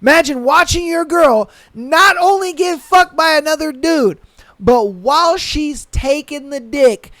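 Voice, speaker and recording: Slow-talking profane male podcast host. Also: very high-pitched, no echo. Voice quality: profane, blunt, animated reactions. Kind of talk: casual reaction to read-out stories.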